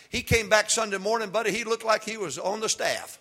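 High-voiced preacher with a sharp, piercing edge. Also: male voice, fast, hardly any pauses. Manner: jokey storytelling that builds into shouted exhortation. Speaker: pastor. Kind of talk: humorous sermon. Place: church before a live congregation.

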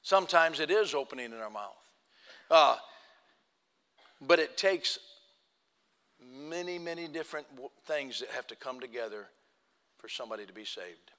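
Preacher man with a bright, ringing voice. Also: mid-range voice, expressive, normal speed, long pauses. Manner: acts out quoted dialogue, swings from loud to hushed. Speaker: pastor. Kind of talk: sermon with storytelling. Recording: long hall reverb.

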